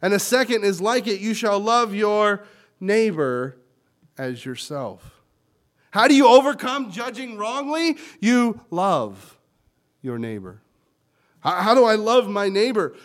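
A male pastor preaching a sermon, swinging from loud emphatic lines to quiet ones as he explains and quotes scripture. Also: high-pitched. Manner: teaching word meanings and quoting scripture.

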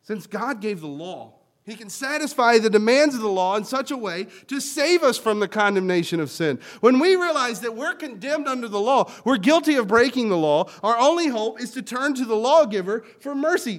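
High-voiced man preaching emphatically. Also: normal speed, few pauses. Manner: lively preaching with emphatic swings in loudness; teaching word meanings and quoting scripture. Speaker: pastor. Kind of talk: sermon.

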